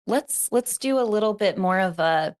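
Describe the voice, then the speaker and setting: A woman's voice: medium pitch, lively intonation, moderate pace, smooth. A woman telling a story in a casual interview, earnest and reflective, with many fillers. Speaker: podcast co-host, guest.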